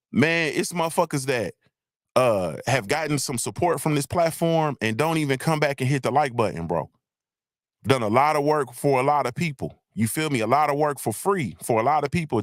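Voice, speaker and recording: A man's voice: a little high, no echo, clean studio sound. A man hosting a livestream, ranting bluntly and with heavy profanity, often checking in with "you feel me.". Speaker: livestream host. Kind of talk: casual livestream rant.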